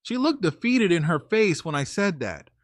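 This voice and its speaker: A man's voice: high voice, big pitch swings, moderate pace, dry recording, clean studio sound. A man narrating his own story in a casual, conversational way, talking to his listeners directly. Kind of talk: first-person story narration.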